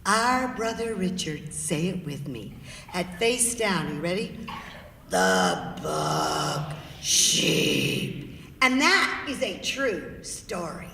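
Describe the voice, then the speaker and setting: A woman storyteller performing live, acting out shouts and sound effects and drawing the audience in. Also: mid-range voice, very animated, takes it slowly, a little hiss or hum. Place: large theater stage. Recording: echoey theater hall.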